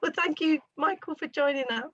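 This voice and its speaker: A woman's voice: high voice, brisk, lo-fi sound, slight background noise. A woman hosting a casual podcast chat, leading the talk with friendly questions. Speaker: podcast host.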